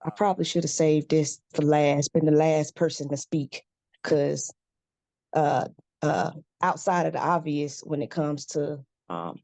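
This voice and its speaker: A woman's voice: deep voice, a little slow, gravelly, mellow, dry recording. A woman speaking on a casual podcast panel, hesitant and restarting her sentences. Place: video call from home.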